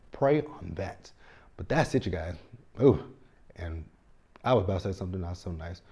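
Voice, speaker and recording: A man's voice: low-pitched, dark tone, breathy edge. A man in his thirties giving a blunt, sassy, casual recap of a reality TV episode, with lots of slang. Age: 30s.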